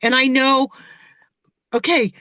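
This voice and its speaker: A woman chats warmly and emotionally, her thoughts spilling out in long, rambling runs. The sound is dry and close, with no room around her. The call audio is a little dull and muffled. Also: high-pitched, fairly even intonation, slow pace, no echo. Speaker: guest. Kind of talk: casual chat.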